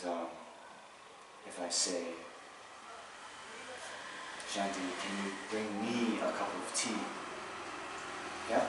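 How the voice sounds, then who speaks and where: Low-voiced man teaching in an echoey hall. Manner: conversational, with frequent "right?" checks and self-corrections. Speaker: Buddhist teacher. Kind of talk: informal Dharma teaching. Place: meditation hall with students on cushions. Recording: echoey room, distant mic, audible noise.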